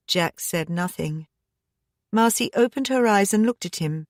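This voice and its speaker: A woman narrating a mystery audiobook in a steady, measured manner. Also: medium pitch, dry recording, studio quality. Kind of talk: scripted narration.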